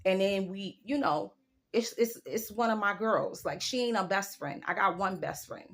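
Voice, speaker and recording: A woman in her forties giving a casual opinion rant to her viewers, telling a story with emphatic, drawn-out delivery and big jumps in her voice. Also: medium pitch, fairly bright tone. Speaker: vlogger.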